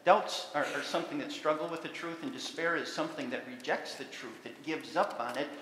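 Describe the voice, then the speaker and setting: Bright, high-voiced pastor preaching in a church. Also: male voice, steady tone, a little fast, a little hiss or hum. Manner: earnest preaching full of rhetorical questions. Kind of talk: sermon. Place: church sanctuary. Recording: echoey church sanctuary with long reverb.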